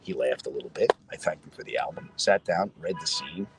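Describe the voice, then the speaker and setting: A man's voice: low voice, fairly quick, a little hiss or hum, rough recording. A middle-aged man, a comedian, chatting casually with viewers outdoors in a city square and telling stories with asides to his audience. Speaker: comedian host.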